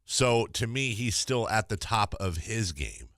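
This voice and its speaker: Deep voiced sports radio guy, laughs a lot, dry close mic. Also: very animated, unhurried, a bit bright, dry recording. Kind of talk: casual sports talk.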